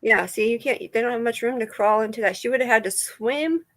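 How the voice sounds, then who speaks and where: Calm gal chiming in on a live chat, a bit high, dry sound. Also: female voice, fairly quick, no room sound. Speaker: co-host and moderator. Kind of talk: casual livestream chat.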